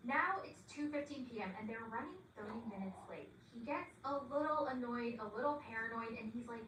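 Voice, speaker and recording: A woman's voice: a little high, a bit bright, far from the mic. A woman giving a chatty, sarcastic recap of a show, with dramatic asides. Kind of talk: casual recap commentary. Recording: echoey room, voice set back from the mic, faint hiss.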